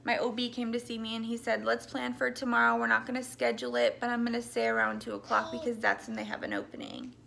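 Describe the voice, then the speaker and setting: A woman's voice: on the high side, quick pace, vocal fry, hardly any pauses, fairly bright tone, slight background noise. A young woman telling her birth story in a casual, rambling way, with many ums and likes, at times tearful. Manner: rambling, full of ums and likes, backtracks often. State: tearful, voice breaking.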